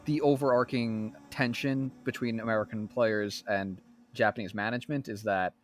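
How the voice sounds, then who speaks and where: A young man co-hosting a podcast, talking in a casual, animated way and laughing often. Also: on the low side, normal speed, soft background music. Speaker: podcast co-host. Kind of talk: casual chat.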